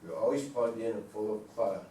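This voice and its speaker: A man's voice: on the low side, brisk, dark tone. A man presenting a wellness talk to a small group, conversational and asking the audience questions. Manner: conversational, asks the audience questions, repeats points. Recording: roomy, from far off, faint room noise.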